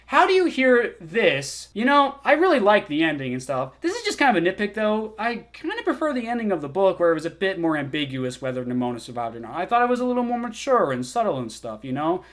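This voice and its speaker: A man's voice: high voice, big pitch swings, fast, hardly any pauses, fairly bright tone. A young man ranting in a comment reaction vlog, exasperated and sarcastic, swearing a lot. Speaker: video essayist.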